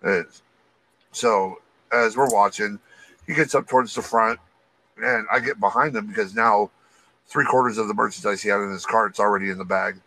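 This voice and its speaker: Guy with a bright voice telling a crazy work story, swears a lot, does the voices. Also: fairly low pitch, normal speed, rough recording. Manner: profane, animated, acts out quotes. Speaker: podcast co-host, retail loss prevention worker. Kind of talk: casual storytelling.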